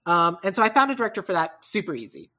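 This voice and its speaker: Low-pitched woman co-host, bright sharp tone, rambles and restarts, chatty movie talk. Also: fast talker. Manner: rambling, self-correcting, animated asides. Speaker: podcast co-host. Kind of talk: casual chat about movie casting.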